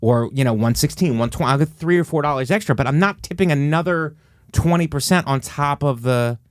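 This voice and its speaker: A man's voice: fairly high pitch, a little fast, clean tone, dry recording, clean studio sound. A man hosting a podcast in casual comedic chat, telling stories animatedly and acting out quotes. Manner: animated storytelling, acts out quotes. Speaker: podcast host.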